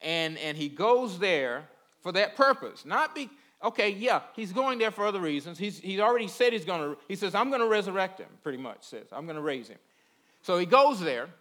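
Folksy preacher, fairly high male voice. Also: very animated, normal speed, pushed and bright. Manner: folksy, repeats words, checks in with listeners. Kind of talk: conversational sermon.

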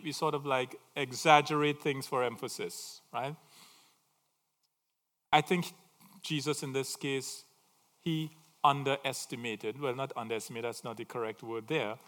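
A man preaches to a congregation. His voice sits a little high, and he punches key phrases loudly before dropping to quiet asides. The sound rings with a long reverb in a church hall. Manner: animated, swings from loud emphasis to quiet asides. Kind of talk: sermon.

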